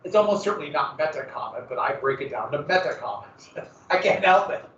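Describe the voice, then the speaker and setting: A man's voice: a little high, animated, quick pace, fairly bright tone, recorded from a distance. Man lecturing in an echoey classroom. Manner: casual, joking asides, dramatic emphasis. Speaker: history teacher. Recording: echoey, muffled classroom recording from afar.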